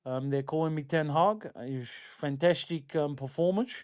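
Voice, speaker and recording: A man impersonating a defensive middle-aged football manager with a put-on Dutch accent, halting and full of "um" and "uh". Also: on the high side, smooth, muffled recording, natural voice. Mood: deflecting. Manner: mumbling, halting, hedging.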